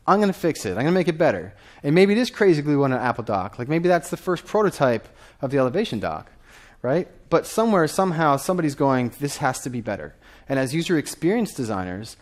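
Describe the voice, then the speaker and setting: A man in his thirties giving a lively conference talk from a stage, often asking the audience questions. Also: mid-range voice. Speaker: conference speaker.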